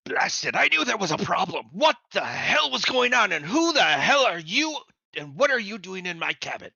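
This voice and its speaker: A scatterbrained old wizard-sage who rambles on in a pompous, huffy voice and keeps jumping into shrill, indignant highs, as a man puts him on. The tone is bright and lively, on dry, slightly dull stream audio. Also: normal speed, no echo, exaggerated voice. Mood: angry. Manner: rambling, indignant, high-pitched outbursts.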